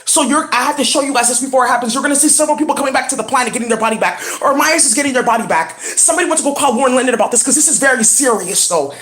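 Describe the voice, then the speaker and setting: A woman's voice: high-pitched, rapid-fire, few pauses, a bit bright, roomy sound. A woman talking in a rambling, intense way in a casual home vlog as a spiritual reader. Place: at home indoors.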